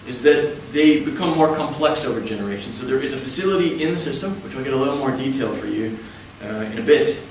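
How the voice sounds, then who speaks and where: A man giving a lecture, explaining step by step in a measured way. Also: mid-range voice, a little hiss or hum. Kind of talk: explanatory talk. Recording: echoey hall, from far off.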